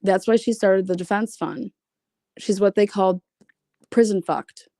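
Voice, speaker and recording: A woman's voice: medium pitch, steady tone, unhurried, mellow, no room sound, clean studio sound. A woman streaming casually, reading private messages aloud with blunt, sarcastic, profane asides. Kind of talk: casual livestream commentary.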